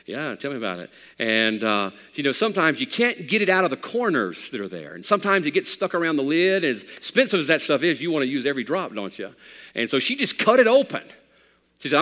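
Preacher, male, bright tense voice, hushed to fervent delivery, church hall reverb. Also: medium pitch, big pitch swings, fairly quick. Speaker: pastor. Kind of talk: sermon.

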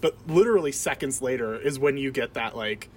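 A man's voice: medium pitch, lively intonation, fairly quick, slight background noise. A man chatting about a film, emphatic, with lots of "like" fillers and laughter. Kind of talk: casual film discussion.

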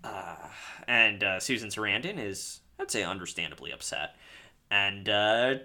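A man co-hosting a podcast, casually recapping a movie with jokes, swearing and quick acted-out quotes. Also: lowish voice, animated, bright, forceful tone. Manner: jokey, swears, acts out quotes. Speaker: podcast co-host.

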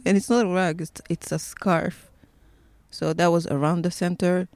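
A woman's voice: on the low side, normal speed, darkish tone, no echo. A woman telling personal stories in an interview, hesitant, with many fillers and restarts. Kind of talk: personal storytelling.

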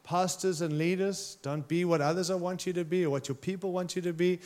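Pastor, male, preaching an emphatic, passionate sermon in a slightly higher voice. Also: steady tone, brisk, a little mellow. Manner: impassioned, emphatic preaching with direct challenges to listeners.

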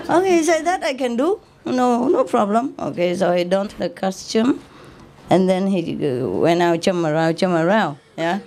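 A woman's voice: on the low side, darkish tone. A playful woman tells jokes to a gathering, breaking into laughter again and again. Her talk is loose and teasing. A faint hum of noise sits under the voice. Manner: laughs often while talking, teasing, playful. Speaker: spiritual teacher telling jokes to an audience. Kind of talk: casual joke-telling talk.

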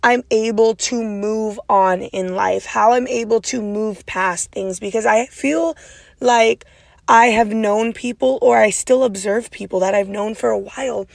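A woman hosting a motivational podcast, loud and passionate, with a naturally raspy voice, speaking straight to her listeners. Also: fairly high pitch, measured pace, dry recording, clean studio sound. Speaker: podcast host.

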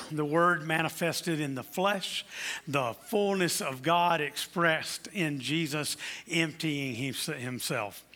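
A man's voice: on the high side, takes it slowly, bright, forceful tone. A man preaching a Christmas sermon, building to emphatic declarations and telling stories to his congregation. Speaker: pastor.

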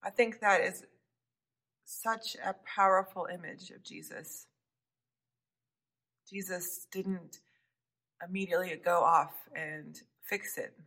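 A woman preaching a sermon with a lowish, bright and forceful voice. She speaks earnestly and often sinks to a soft hush to stress a point. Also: steady tone, slow, long pauses, low-quality recording. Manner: earnest, dropping to soft hushed tones for emphasis.

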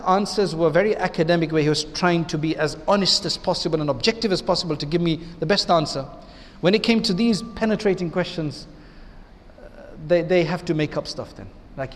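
A man with a high-pitched voice delivers an Islamic lecture as an imam. He talks conversationally and keeps turning to his listeners with rhetorical questions. His words carry a long reverb from a large hall. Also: brisk.

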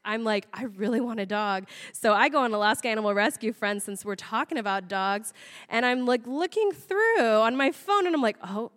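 A young woman telling a funny personal story in an animated way, laughing often and swearing casually. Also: on the high side, normal speed. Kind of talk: comic storytelling. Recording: long hall reverb.

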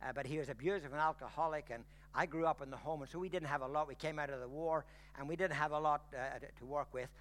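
Bright-voiced older preacher. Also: male voice, on the high side, fast talker, few pauses. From Ireland. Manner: storytelling, rising to loud exclamations. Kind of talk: sermon with personal story.

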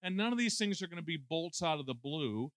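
Bright-voiced folksy preacher in his sixties. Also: a little high, expressive, a little fast, no echo. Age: 60s. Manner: folksy, self-deprecating humor, frequent fillers. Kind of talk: conversational sermon.

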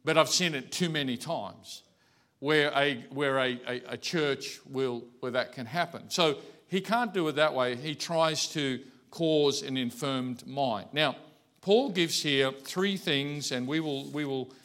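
A man's voice: medium pitch, a little slow. A man preaching a morning sermon in a conversational way, often restarting his sentences. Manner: conversational preaching with many restarts, softening to a quiet storytelling voice. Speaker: pastor.

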